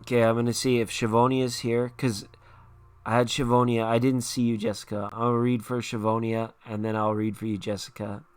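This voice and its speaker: A man talks through tarot readings on a live stream in an easy, chatty way. He reassures each viewer and greets them by name. His voice is smooth and clear, sitting at an everyday middle pitch. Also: flat delivery, fairly quick, soft background music.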